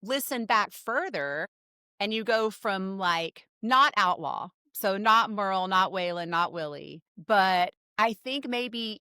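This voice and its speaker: Bright-voiced woman from Texas chatting. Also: mid-range voice, lively intonation, takes it slowly, clear, resonant tone, no echo, studio quality. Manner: chatty, thinks aloud with many likes and restarts. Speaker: podcast guest, pop musician. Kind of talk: casual conversation.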